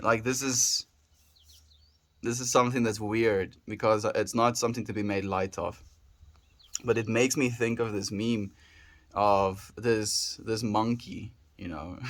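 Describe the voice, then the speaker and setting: A man livestreaming, chatting casually with his viewers, reading their messages aloud and musing in a reflective way. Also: fairly low pitch. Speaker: daily livestreamer.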